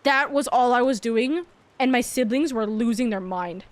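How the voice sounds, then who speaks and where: High-voiced excitable woman streamer. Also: moderate pace, dry recording. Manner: gushing, excitable, repeats herself. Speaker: VTuber streamer. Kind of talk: casual chat to livestream viewers.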